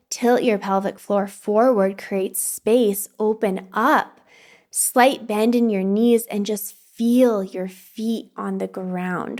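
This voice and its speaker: Soothing woman guiding a calm practice. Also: mid-range voice. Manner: slow, soothing, breathy guidance with pauses. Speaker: podcast host and wellness coach. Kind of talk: guided practice, calm instruction.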